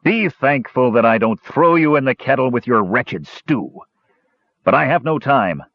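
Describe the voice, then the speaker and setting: A man reading aloud, voicing a vengeful, arrogant male warrior who mocks and bellows threats, in a husky voice on a dull, dry recording. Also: medium pitch, lively intonation, unhurried, dry recording. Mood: sneering.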